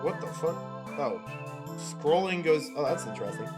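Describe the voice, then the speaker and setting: A man streaming a game live, reading its text aloud and swearing, yelling and laughing at what happens. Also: a little high, normal speed, music in the background. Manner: animated, swears and yells at the game, laughs often.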